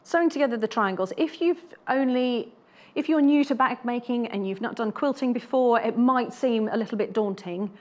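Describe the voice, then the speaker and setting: A woman's voice: a little high, normal speed, few pauses, a little mellow. Chatty woman demonstrating bag making. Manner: chatty, explains step by step. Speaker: guest bag maker. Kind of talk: TV shopping craft demonstration.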